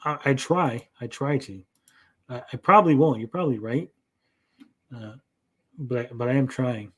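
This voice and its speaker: A man's voice: mid-range voice, moderate pace, slightly rough. A man hosting a casual gaming news chat, rambling with lots of fillers and repeated words, reacting to chat and swearing casually. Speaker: podcast host.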